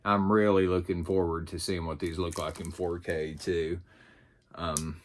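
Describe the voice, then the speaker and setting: Male channel host, Southern US accent, deep voice, loose rambling delivery. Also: flat delivery, measured pace. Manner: rambling, many fillers and restarts. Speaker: YouTube host. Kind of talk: casual unboxing chat.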